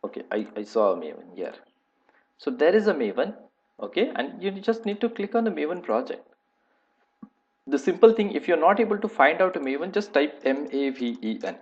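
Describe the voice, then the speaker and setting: A man teaching a live online software testing class, talking in a halting way with many fillers and repeated points. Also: on the high side, sing-song, highs cut off.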